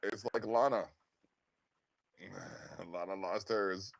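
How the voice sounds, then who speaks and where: A man's voice: sits low, steady tone, drawn-out words, vocal fry, no echo. A man co-hosting a wrestling podcast who recaps match results and answers with short murmurs. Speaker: podcast co-host. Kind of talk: casual wrestling chat.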